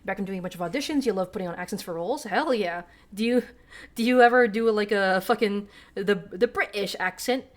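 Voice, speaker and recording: A woman's voice: mid-range voice, fairly quick. A woman streamer giving casual, profane, self-deprecating commentary while reading game text aloud.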